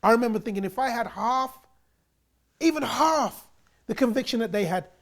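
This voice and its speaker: A man from England telling his personal faith story in a lively, animated way, acting out the quoted voices of others. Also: extremely high pitch, normal speed.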